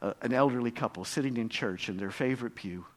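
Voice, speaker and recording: A male pastor preaching a sermon, earnest and storytelling, swinging between hushed low passages and loud, emphatic climaxes. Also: quick pace.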